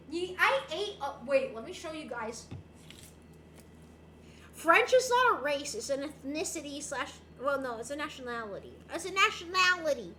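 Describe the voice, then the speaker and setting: A woman's voice: high voice, a bit bright, slight background noise. A young woman chatting casually on a livestream, answering viewer messages in a bubbly, giggly, playful way. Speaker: streamer. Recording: roomy echo.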